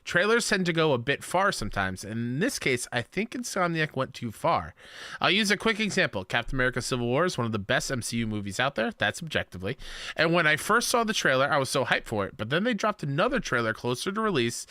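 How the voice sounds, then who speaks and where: Podcast co-host guy reading listener mail, bright voice, dry close sound. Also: mid-range voice, big pitch swings, quick pace, no echo. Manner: laughs often, reads letters aloud. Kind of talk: casual chat.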